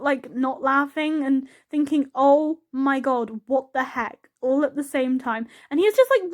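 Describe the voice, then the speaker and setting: A woman with a high voice talks casually over her gameplay footage. She rambles, giggles and peppers everything with "like", sounding chatty and unguarded. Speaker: YouTuber narrating a game build.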